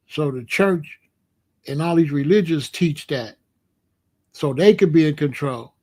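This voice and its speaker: A man in his sixties with a rather high voice talks straight into his stream. He is blunt and emphatic, and he often says the same line twice or three times to drive it home. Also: a little mellow. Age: 60s. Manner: blunt, emphatic, repeats himself. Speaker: host. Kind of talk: casual livestream talk answering chat.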